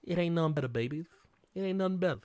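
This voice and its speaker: A man's voice: on the high side, racing, a little mellow, natural voice. A man putting on a drawling boastful wrestler. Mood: swaggering. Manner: drawling, with swaggering catchphrases. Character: boastful male pro wrestler impression.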